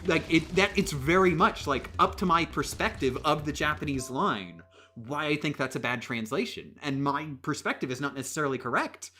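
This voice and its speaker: Lively streamer, rambling with emphasis. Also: medium pitch, moderate pace. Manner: rambling, with frequent fillers and emphatic restarts. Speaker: livestreamer. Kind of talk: casual commentary on a live game stream.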